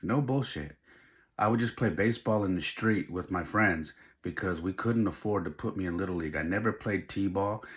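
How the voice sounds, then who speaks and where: A middle-aged man with a low voice hosts a podcast, telling a personal story briskly and with few pauses. His delivery is emotional, heartfelt and shaped by his faith.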